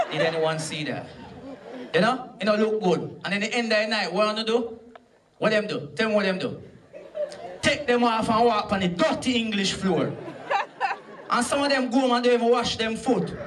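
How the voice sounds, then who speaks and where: A man's voice: high-pitched, moderate pace, pauses often. A man with a Jamaican accent performing a stand-up comedy set, punchy and bantering with the audience. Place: comedy club stage. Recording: amateur live recording from far off, crowd noise.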